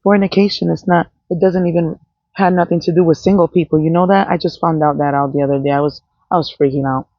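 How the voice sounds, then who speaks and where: A woman's voice: deep voice, fairly even intonation, quick pace, dry recording. A woman talking in a blunt, profane, rambling unscripted monologue as a vlogger. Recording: dull, dry, lo-fi sound.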